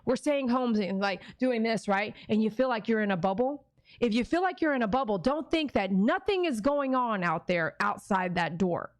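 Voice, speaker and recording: A woman's voice: a little high, lively intonation, moderate pace, no room sound, clean studio sound. A woman who runs a dog grooming business, talking casually and emotionally to her viewers on camera. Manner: chatty, emotional, addresses viewers directly. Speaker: dog groomer and channel host. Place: grooming salon.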